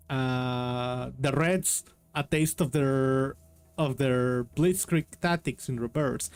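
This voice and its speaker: A man voicing a gruff older army sergeant with an Oklahoma accent, reading a novel aloud on stream. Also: mid-range voice, darkish tone, natural voice.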